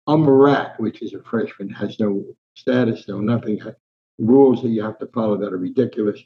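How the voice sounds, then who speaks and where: A man's voice: mid-range voice, a little fast. An older man from New Jersey, a guest in an interview, telling stories and acting out the voices of the people in them. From Newark, New Jersey, US. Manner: animated raconteur, acts out quoted voices. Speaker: interview guest, sports columnist. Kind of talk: anecdotal storytelling in an interview. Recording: slightly dull lo-fi sound.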